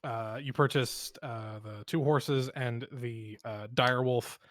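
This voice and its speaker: Relaxed male game master, mid-pitched, loose and rambly, dry close sound. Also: slow pace, no echo. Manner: relaxed, rambling with many fillers. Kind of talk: narrating a tabletop game.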